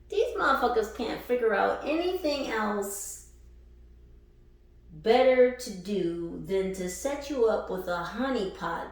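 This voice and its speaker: Woman spiritual reader: slow, blunt and profane, laughs often, recorded in a very echoey room. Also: mid-range voice. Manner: emphatic, repeats phrases for effect. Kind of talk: casual spiritual reading to camera.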